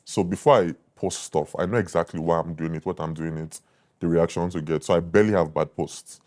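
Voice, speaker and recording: A man's voice: sits low, fairly even intonation, brisk, a little mellow. A young adult man with a Nigerian accent, a food critic guest talking confidently and emphatically in a casual interview.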